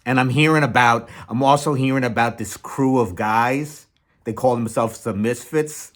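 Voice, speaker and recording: A young adult man hosting a comedy channel, rambling in a sarcastic, mock-enthusiastic deadpan sketch. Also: mid-range voice, normal speed.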